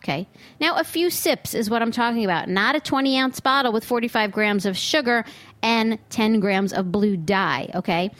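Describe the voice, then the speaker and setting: A woman's voice: mid-range voice, moderate pace, fairly bright tone, no echo. A woman hosting a food podcast in a studio, talking in an opinionated, sarcastic way with bursts of disbelief. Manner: exasperated, sarcastic, outbursts of disbelief. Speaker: podcast host. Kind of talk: opinionated solo podcast monologue. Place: studio booth. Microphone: studio microphone.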